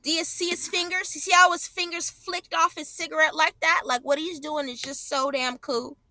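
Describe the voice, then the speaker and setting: Indignant high bright-voiced woman. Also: steady tone, moderate pace, no echo. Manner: indignant, profane, repeats phrases. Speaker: vlogger. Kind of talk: angry commentary over clips.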